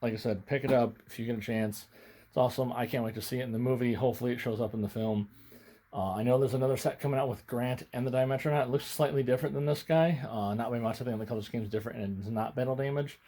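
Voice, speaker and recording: A young man talks through a toy review into his camera mic. He is a little out of breath, rambling, stammering and apologizing along the way. His voice sits at an ordinary middle pitch for a man. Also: fairly even intonation, fast, mellow. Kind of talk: casual unscripted toy review. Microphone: camera mic, handling toys on camera.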